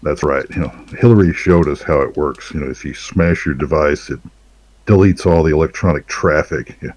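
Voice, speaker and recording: A man's voice: very deep voice, normal speed, darkish tone. A man co-hosting a casual satirical chat, speaking in a sarcastic, mocking way and chuckling often.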